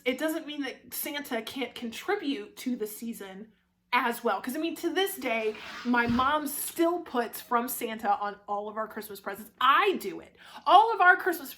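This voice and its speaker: Speaking at normal speed in a slightly high, animated voice, a young book reviewer chats to camera. She's warm and gushing about her subject, with plenty of fillers and restarts.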